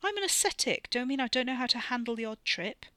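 A woman's voice: fairly high pitch, expressive, fast talker, sharp tone, dry recording, voice pushed up. Woman voicing a curt offhand lad. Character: laconic young British man, dry and offhand.

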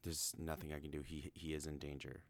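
A man doing a quiet, sorrowful old widow. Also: rumbling low, little pitch movement, fairly quick. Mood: resigned. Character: sorrowful older widow woman.

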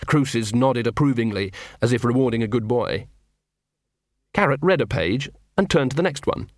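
A man reading a novel aloud as an audiobook narrator, in a measured, dramatic storytelling manner. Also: medium pitch, lively intonation, no echo, studio quality. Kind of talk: scripted narration.

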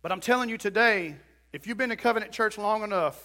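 A man's voice: high-pitched, lively intonation, normal speed, pushed and bright. A middle-aged male pastor preaching a storytelling sermon in a church, acting out quotes and building to emphatic points.

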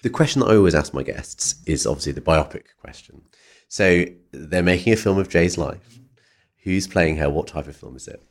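A man hosting a podcast, telling a long rambling anecdote in an animated, chatty way. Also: low-pitched, normal speed. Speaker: podcast host. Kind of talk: conversational storytelling.

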